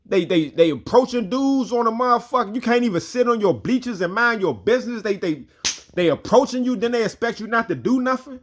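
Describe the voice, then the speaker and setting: A man's voice: very high-pitched, animated, brisk. A man giving a heated, profane opinion rant as a commentary host.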